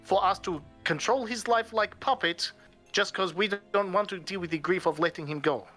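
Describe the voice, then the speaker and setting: A man voicing an earnest young man who speaks calmly in formal phrasing. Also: high voice, moderate pace, soft background music, pitched above the performer's own voice. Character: earnest young man defying his family.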